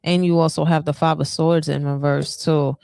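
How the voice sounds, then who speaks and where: A woman with a slightly low voice reads tarot cards for her viewers in a loose, chatty way. She wanders through fillers and restarts, then jumps up in excitement. The sound is dry and close. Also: moderate pace, gravelly, smooth, no room sound. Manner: chatty, hesitant with many fillers, bursts of excitement. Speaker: tarot reader. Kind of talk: casual tarot reading to viewers.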